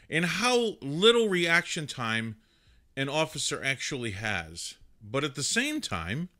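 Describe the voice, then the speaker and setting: A man's voice: mid-range voice, pushed and bright. A man hosting a livestream, commenting casually on news clips in a chatty way with plenty of fillers and restarts. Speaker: livestream host.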